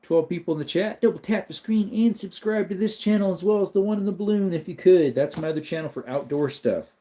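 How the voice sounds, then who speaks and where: A man's voice: sits high, fast, dark tone. A man hosting a casual livestream, reading out viewers' chat and talking to his dog in between. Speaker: livestream host.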